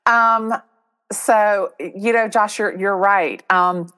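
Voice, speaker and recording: A middle-aged woman from Atlanta, a real estate agent telling her story as an interview guest in a lively, chatty way, acting out the voices of the people in it. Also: medium pitch, slow, clear, resonant tone. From Atlanta, USA. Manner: animated, acts out quoted voices, laughs often.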